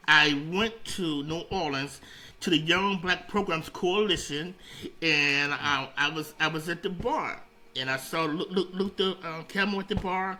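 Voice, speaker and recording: A man's voice: on the high side, low-quality recording. A middle-aged man telling stories in a casual interview, rambling and repeating himself as he goes. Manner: rambling, repeats words and restarts, animated storyteller. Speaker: interview guest, radio founder.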